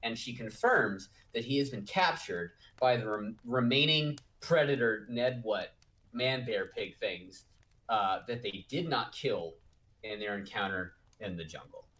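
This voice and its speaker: A man co-hosting a casual review chat, animated and profane, quick with jokes. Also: lowish voice, rough recording. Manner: animated, swearing, quick to joke. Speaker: podcast co-host.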